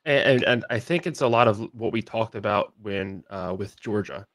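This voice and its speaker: A man's voice: lowish voice, moderate pace, a bit bright, dry recording. A young man co-hosting a sports podcast, telling a long story in a casual, rambling way with many fillers and restarts. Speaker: podcast co-host.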